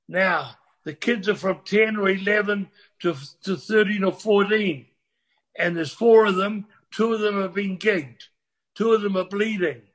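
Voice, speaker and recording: High-voiced older New man. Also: a bit bright. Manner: rambling, restarts, swears freely. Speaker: guest storyteller. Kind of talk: casual storytelling chat.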